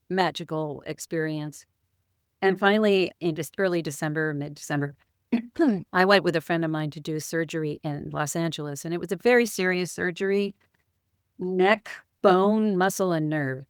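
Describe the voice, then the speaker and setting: A woman, a spiritual teacher and guest, telling a personal story in an interview with vivid, playful sound words and the odd cleared throat. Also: lowish voice, no echo, clean studio sound. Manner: clears throat now and then.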